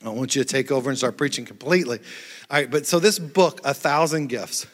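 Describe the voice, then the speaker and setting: Man, pastor, animated sermon, audience banter, forceful voice, echoey church hall. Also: medium pitch, brisk, breathy edge. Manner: playful, animated preaching with crowd interaction. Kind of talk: lively sermon. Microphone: handheld microphone.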